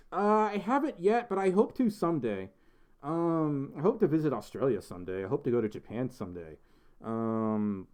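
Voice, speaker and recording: A man's voice: medium pitch, a little mellow. Chatty man streaming with a congested voice. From United States. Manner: chatty, rambling, answers chat questions with laughs and fillers. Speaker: livestream host reading chat. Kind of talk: casual livestream chat. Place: indoors, in a fursuit.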